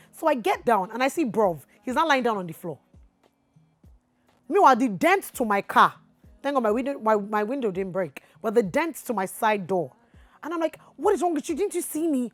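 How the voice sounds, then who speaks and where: A woman with a Nigerian accent telling a storytime vlog, swinging from low asides to loud outbursts. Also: lively intonation, a little fast, no echo, faint music behind. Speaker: vlogger.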